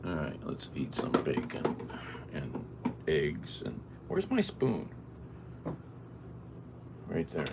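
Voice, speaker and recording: Man, unhurried, talking to himself at home, casual vlog, noisy room tone behind. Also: a bass voice, wildly swooping pitch, vocal fry. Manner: mutters to himself while doing chores. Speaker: vlogger.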